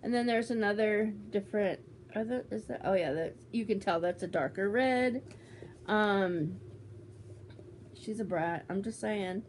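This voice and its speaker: A beauty vlogger casually unboxes a gift swap, bubbly and teasing as she exclaims over each item. Her mid-range voice is a little slow and a little mellow, with slight background noise.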